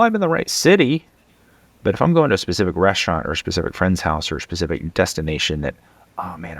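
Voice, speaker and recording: Brief: deep-voiced male coach, earnest and emphatic, dry close sound. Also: dry recording. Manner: earnest, emphatic, tag questions. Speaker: financial coach guest. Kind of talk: casual conversation.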